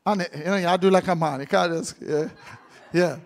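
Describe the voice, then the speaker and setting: A man's voice: high-pitched, steady tone, moderate pace. A man preaching a live sermon, joking and quizzing his congregation. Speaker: pastor.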